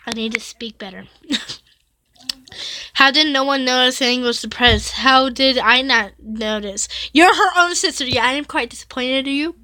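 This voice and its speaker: With hardly any pauses and no echo, a woman YouTuber reads fan fiction at normal speed in a high, pushed, bright voice. Her reading is full of stumbles and self-corrections, interrupted by dramatic exclamations of reaction.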